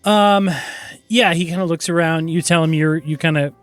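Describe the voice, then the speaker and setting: A man's voice: on the high side, fairly even intonation, moderate pace, a bit bright, smooth, dry recording, soft background music. A man narrating as game master of a tabletop game, slipping into character voices for short asides.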